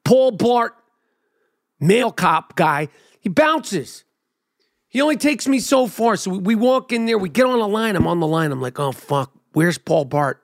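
A middle-aged man spins a profane, animated story, swearing as he goes. His voice sits a bit high, and he jumps up higher when he imitates other people. The recording is close and dry, with no room sound. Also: measured pace, vocal fry, no echo. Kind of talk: profane comic storytelling monologue.

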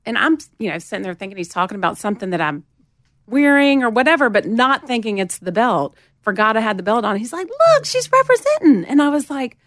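A woman's voice: fast talker, no echo, studio quality. Storytelling woman with a Southern accent. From Montgomery, Alabama. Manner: animated storyteller, acts out quotes in a higher voice. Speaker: guest, music promotion veteran. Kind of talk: casual storytelling interview.

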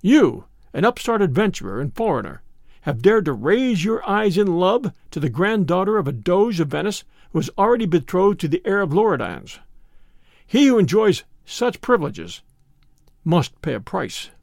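A cruel old tribunal president hands down his sentences in a cold, commanding voice, as a man reading the story acts him out. His delivery moves around a lot in pitch, and the recording is close and dry. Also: sing-song, normal speed, gravelly, darkish tone, no room sound, exaggerated voice. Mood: stern menacing. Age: older. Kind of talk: audiobook character reading.

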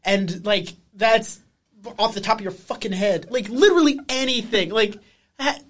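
A woman's voice: mid-range voice, moderate pace. Woman, podcast co-host, casual chat, exasperated, swears freely. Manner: profane, exasperated riffing.

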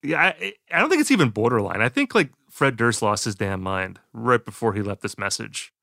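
Bright, sharp-sounding guy cohosting, jokey and halting, dry close mic. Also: medium pitch, sing-song, creaky, no room sound. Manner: joking, hesitant, many fillers and restarts. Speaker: podcast co-host. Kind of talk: casual chat.

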